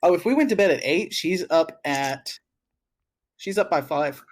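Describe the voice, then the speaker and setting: A man's voice: a little high, animated, moderate pace. A man taking part in a tabletop game as a player, explaining rules and his character's actions matter-of-factly.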